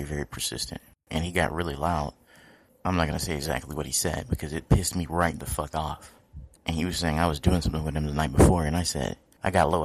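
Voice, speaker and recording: Deep-voiced blunt profane man. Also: no room sound. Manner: fiery and defensive. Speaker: podcast host. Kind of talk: casual monologue rant.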